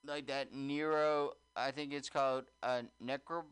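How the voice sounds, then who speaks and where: A man's voice: medium pitch, level tone, measured pace, fairly bright tone, smooth, dry recording. A man in loose, profane casual chat, rambling with many fillers and restarts.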